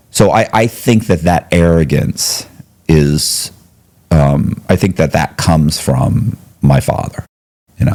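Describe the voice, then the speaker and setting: Deep, mellow-voiced man telling a story. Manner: animated storyteller who acts out quoted voices. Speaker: podcast guest. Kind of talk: storytelling in a podcast interview.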